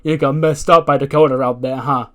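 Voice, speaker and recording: A man's voice: medium pitch, fairly even intonation, a little fast, a bit bright, lightly acted. A cocky male wrestler needles a rival in a wrestling game, smug and offhand. A man voices him in his own everyday voice.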